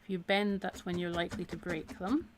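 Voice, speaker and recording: Against a noisy background, a Scottish woman with a lowish voice and little pitch movement talks briskly through a live-streamed needle felting tutorial. She's chatty and encouraging as she works, her voice a little weary from a week of talking.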